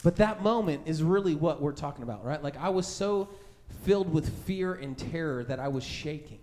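Man pastor with a high, youthful-sounding voice, preaching casually and acting out his stories with lots of energy. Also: normal speed. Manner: animated storytelling, acting out scared voices; conversational, many fillers like "right?" and "like". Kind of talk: sermon with personal story.

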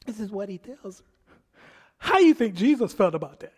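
A male pastor preaching a sermon, swinging between hushed asides and loud preaching and mimicking people in quoted voices. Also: high-pitched, big pitch swings, fairly quick.

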